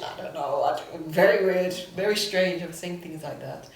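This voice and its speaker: A woman raised between England and Japan, recounting a loss in halting speech that often sinks to near whispers. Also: on the low side. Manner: halting, many restarts, drops to near whispers. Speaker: interviewee. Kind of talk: personal testimony in a documentary. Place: city street or park. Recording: reverberant, slightly noisy.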